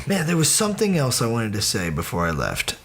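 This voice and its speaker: Lively young man telling camp stories. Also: mid-range voice, brisk, noisy background. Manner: laughing, animated storyteller. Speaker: podcast host. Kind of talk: casual storytelling chat.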